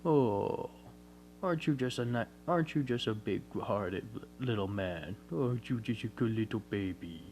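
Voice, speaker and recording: A man voicing a doting young mother who coos softly at her baby. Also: fairly low pitch, expressive, normal speed, slight background noise. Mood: cooing. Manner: soft, cooing baby talk.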